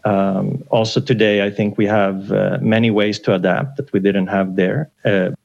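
Male professor guest, gravelly and low, hesitant, lo-fi remote line. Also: little pitch movement, moderate pace, darkish tone. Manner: hesitant, many fillers and restarts. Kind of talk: remote radio interview.

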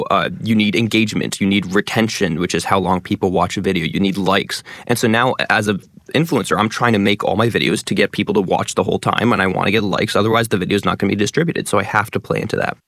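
A man talks quickly in an interview and leans hard on his stressed words. His voice sits fairly low, and the recording is dry and close with no room sound. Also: fairly bright tone, no room sound. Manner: fast-talking, stresses many words. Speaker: guest, content creator. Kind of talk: interview conversation.

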